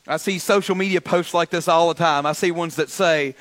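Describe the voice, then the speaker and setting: Pastor guy preaching, high voice, bright and tense, lots of stammery restarts. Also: a little fast, few pauses. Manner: builds from calm teaching to loud, rising exhortation; calls on the congregation to answer back. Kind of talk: sermon. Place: church sanctuary.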